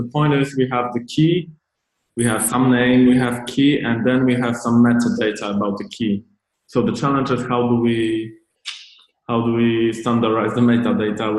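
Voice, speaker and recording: A man's voice: medium pitch, darkish tone. A man on a video call raising a technical question, hesitant, with many "uh"s and restarts. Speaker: developer on a community call. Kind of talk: technical discussion. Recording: echoey room on a video call.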